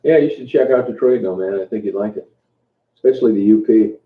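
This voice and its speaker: A man with a fairly low voice chats loosely with his live viewers, trailing off and restarting as he goes. The sound is thin and phone-like. It bounces around a roomy space. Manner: relaxed, halting, many fillers and restarts. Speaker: livestream host. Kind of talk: casual chat with live viewers. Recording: tinny phone-like sound in an echoey room.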